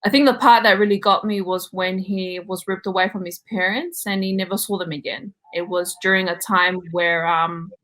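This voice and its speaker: A woman's voice: mid-range voice, normal speed, hardly any pauses, poor audio. Laughing, candid woman podcast guest. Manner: laughs a lot, relaxed and candid. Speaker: podcast guest, book reviewer. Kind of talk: casual podcast chat.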